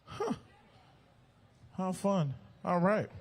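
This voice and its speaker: High, lively man hyping a crowd. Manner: shouting playfully to kids, quick asides. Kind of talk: loud crowd hype with call-and-response. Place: outdoor stadium fan event.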